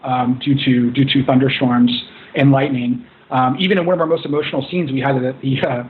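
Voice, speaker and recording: A man speaks in an earnest, rambling way, often restarting his sentences as he explains his work as a film director. His voice sits in an ordinary middle pitch. The sound is thin and phone-like, with the full range of the voice cut away. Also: fairly even intonation, brisk. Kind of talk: casual interview. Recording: tinny phone-like line.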